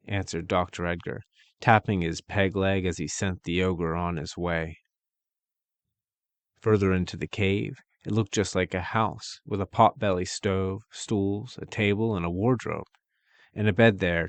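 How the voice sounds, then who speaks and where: Man, storybook narration, measured and dramatic, very low voice, dry close sound. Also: no echo. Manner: measured, dramatic, archaic phrasing.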